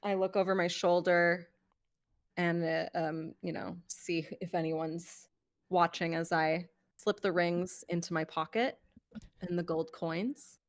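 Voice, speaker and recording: A woman playing a tabletop game, speaking hesitantly with frequent pauses and fillers. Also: fairly low pitch, steady tone. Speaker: player.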